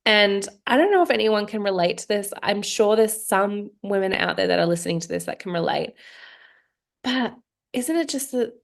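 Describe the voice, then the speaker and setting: A woman's voice: medium pitch, moderate pace, gravelly. Candid, fired-up woman podcast host. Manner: heartfelt, self-questioning, animated storytelling. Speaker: podcast host, nutrition coach. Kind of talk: candid solo podcast chat.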